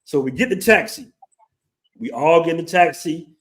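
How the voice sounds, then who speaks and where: Host, man, 40s, slightly high voice, lively casual storyteller who swears. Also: normal speed. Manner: animated, acts out quoted voices, swears casually.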